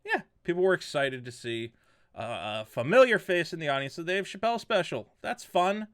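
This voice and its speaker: A man's voice: a little high, big pitch swings, brisk, fairly bright tone, clean tone. A man hosting a casual online commentary, sarcastic and mocking, often rambling and restarting his sentences. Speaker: commentary host.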